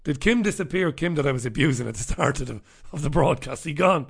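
Gravelly, sardonic male livestream host. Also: on the high side, lively intonation, quick pace. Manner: sardonic, profane, rambling asides. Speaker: host of his own radio show and livestream. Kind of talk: casual livestream chat reading viewer comments.

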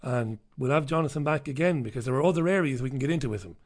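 A man's voice: mid-range voice, animated, racing. Sardonic talk show host, a man. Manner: sardonic, chuckling, offhand asides. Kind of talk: casual talk show monologue.

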